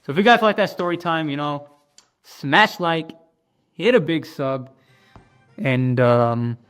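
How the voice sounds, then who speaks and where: A man's voice: fairly high pitch, takes it slowly, fairly bright tone, clear, resonant tone, faint music behind. A young man telling a story and commenting on his own gameplay in a loose, joking way, swearing freely. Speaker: gaming youtuber.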